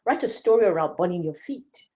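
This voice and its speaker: Woman, from West Africa, motivational talk, lively swinging pitch, rhetorical questions, encouraging. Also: brisk. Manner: animated and encouraging, fires rhetorical questions at the room. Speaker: speaker at a learning session. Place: church meeting room.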